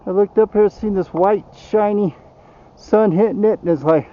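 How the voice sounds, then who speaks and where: A man's voice: high-pitched, normal speed, narrow, tinny audio. An older man rambling in a folksy way, chatting casually to his viewers on a road-trip vlog. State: out of breath. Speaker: van-life vlogger. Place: outdoors in the mountains.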